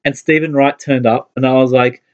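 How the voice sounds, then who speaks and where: A man's voice: medium pitch, fairly even intonation, brisk, muffled recording. A man co-hosting a podcast, telling a story with enthusiasm. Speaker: podcast co-host. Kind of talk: casual chat about movies.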